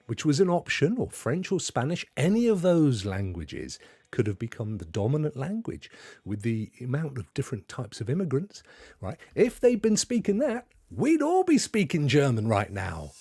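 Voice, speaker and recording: A man's voice: a little high, a little mellow, breathy edge, no room sound. An English man hosting a gaming live stream, chatting casually in an opinionated, chatty way with chuckling asides. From England.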